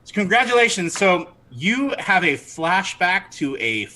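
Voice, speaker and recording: A man running a tabletop game as game master, narrating lively and laughing, stopping to correct himself. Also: high-pitched, measured pace.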